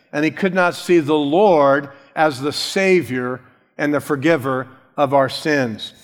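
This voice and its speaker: A man gives a conversational sermon, walking through scripture like a story and dropping casual asides. His voice sits a little high for a man. The sound carries a long hall reverb. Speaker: pastor.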